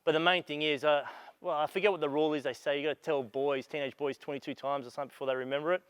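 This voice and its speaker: A man's voice: a little high, fairly even intonation, rapid-fire, smooth, dry recording. A man running a basketball coaching clinic, instructing players on court and raising his voice to make a point. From Australia. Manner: raises voice for emphasis and calls.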